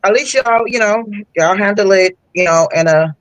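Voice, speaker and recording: Podcast co-host guy, high bright voice, reflective and agreeable, dry close sound. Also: moderate pace, dry recording, lo-fi sound. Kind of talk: casual chat.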